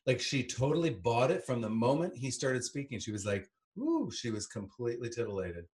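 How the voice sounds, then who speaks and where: A man's voice: mid-range voice, a little fast, a little mellow. A middle-aged man co-hosting a casual rewatch podcast, wry and teasing as he recalls working on the show. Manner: wry, teasing, drops into playful mock voices. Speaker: podcast co-host and former series actor.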